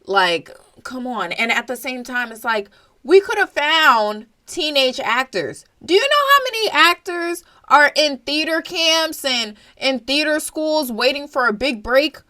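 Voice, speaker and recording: Blunt, animated young American woman. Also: sits high, unhurried. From United States. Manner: blunt, animated, swears casually. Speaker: show host. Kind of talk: opinionated commentary monologue.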